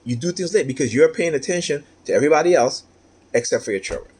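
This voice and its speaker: Husky aggrieved man venting. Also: fairly high pitch, animated, fast talker, darkish tone. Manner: aggrieved, repetitive, rhetorical "right?" asides. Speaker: vlogger. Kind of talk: personal monologue.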